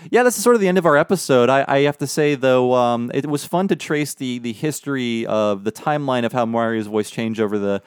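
A man hosting a podcast in relaxed, chatty conversation, laughing often. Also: mid-range voice, brisk, hardly any pauses, clean tone, no room sound, studio quality. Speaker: podcast host. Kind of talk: casual podcast chat.

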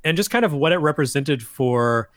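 A man's voice: fairly high pitch, expressive, normal speed, fairly bright tone, dry recording. A man hosting a casual podcast discussion, wry and steering the conversation. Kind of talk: casual chat.

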